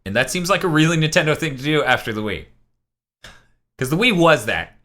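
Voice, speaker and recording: A man's voice: a little high, brisk. A man co-hosting a casual podcast chat, swearing freely and joking around. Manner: animated, profane and joking. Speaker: podcast co-host.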